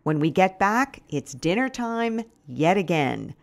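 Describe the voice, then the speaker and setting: A middle-aged woman reading her first-person memoir in a wry, deadpan storytelling manner. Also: fairly low pitch, slow, creaky. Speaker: narrator.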